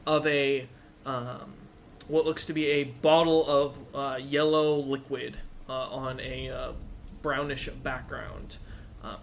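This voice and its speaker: Male game master, bright voice, stop-start casual narration over a low hiss. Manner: halting, many fillers. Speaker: dungeon master.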